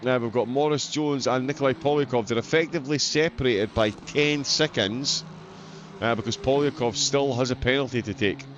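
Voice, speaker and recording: A man's voice: medium pitch, moderate pace. A man with a Scottish accent giving live sim-racing commentary as the stream host, chatty, with lots of uh fillers. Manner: chatty, frequent uh fillers, self-deprecating. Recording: dull lo-fi audio with loud race car noise.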